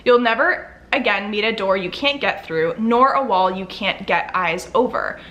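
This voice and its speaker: A woman's voice: medium pitch, moderate pace, bright, forceful tone, lo-fi sound, close to an everyday voice. A woman reading aloud the lines of a witty, cocky young male rogue thief in her own plain voice, without putting on an accent. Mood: sly.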